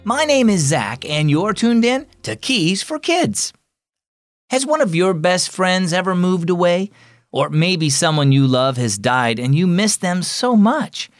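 A man's voice: sits high, animated, measured pace, dry recording, clean studio sound, faint music behind. A man hosting a children's devotional program, reading scripted narration in an encouraging storyteller's way.

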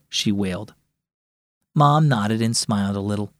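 A man's voice: fairly low pitch, steady tone, normal speed, no room sound, clean studio sound. A man hosting and narrating a children's devotional program with scripted storytelling in an upbeat, emphatic way. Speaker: host.

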